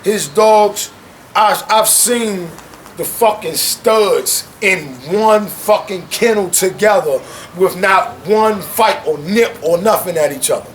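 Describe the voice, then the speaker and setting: Man, high-pitched, animated, slang-heavy, casual chat, at home, faint background hiss. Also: slow. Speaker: guest. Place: at home among his dogs.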